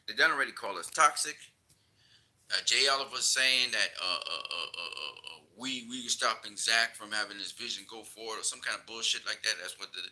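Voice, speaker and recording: A man's voice: fairly low pitch, bright, forceful tone, poor audio. A man ranting in a casual video commentary, heated and emphatic, repeating his points. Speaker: vlogger.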